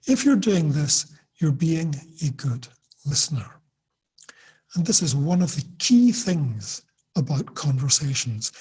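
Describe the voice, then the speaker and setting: Husky man teaching online. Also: fairly high pitch, darkish tone. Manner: storytelling, explaining with examples. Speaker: teacher trainer.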